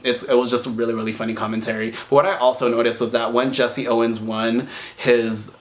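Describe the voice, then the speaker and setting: Man, mid-pitched voice, casual history commentary, chatty, wry asides. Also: flat delivery, a little fast. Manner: chatty, repeats words for emphasis, wry asides. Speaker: history video host.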